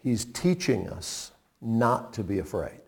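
A middle-aged man preaching in a relaxed, joking way, his voice rising and falling a lot. He takes his time and leaves pauses to let points land. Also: lowish voice, creaky, breathy edge. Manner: conversational and humorous, with dramatic pauses. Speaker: pastor. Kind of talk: sermon.

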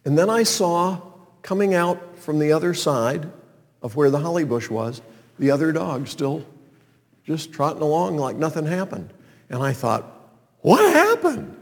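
A man from North Carolina telling a personal story to an audience in an animated, sermon-like way. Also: a little high, moderate pace. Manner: animated storyteller, acts out calls and sounds. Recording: long reverb of a large hall.

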